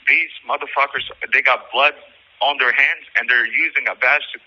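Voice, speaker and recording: A man's voice: medium pitch, fairly even intonation, moderate pace, husky. A man talks over a dull, muffled phone connection from jail. He sounds worked up, rambling and swearing as he pours out his account, his voice sitting in an ordinary middle range. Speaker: jail inmate on a recorded call. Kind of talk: emotional personal account.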